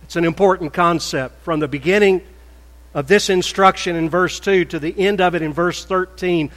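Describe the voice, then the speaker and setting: A man preaching a sermon as a pastor, measured and deliberate, rising to loud emphatic peaks. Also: high voice. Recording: echoey hall with faint mains hum.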